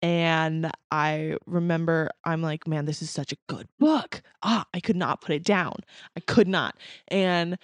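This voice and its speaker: A woman with a fairly low voice co-hosts a casual podcast chat. She tells stories in an animated way and laughs as she goes. The recording is dry and close. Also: measured pace, no room sound. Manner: animated storyteller, laughs often. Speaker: podcast co-host.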